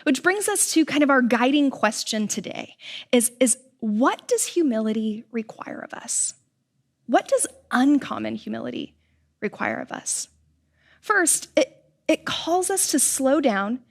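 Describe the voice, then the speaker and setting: A young woman preaching a sermon, telling stories in a casual, animated way with everyday slang. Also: high-pitched, a little slow.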